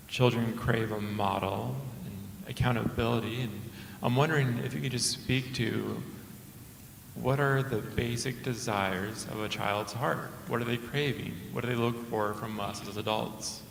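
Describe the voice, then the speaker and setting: A man moderating a conference Q&A, asking the speaker a measured, courteous question. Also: medium pitch, gravelly. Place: conference hall. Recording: roomy hall with faint noise.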